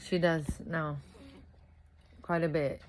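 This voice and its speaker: A woman's voice: sits low, flat delivery, slow pace, rough recording. A young woman vlogging at home about her two small children, exhausted from little sleep and rambling as she corrects herself. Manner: rambling, scattered, self-correcting. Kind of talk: casual vlog chat. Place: at home with a toddler nearby.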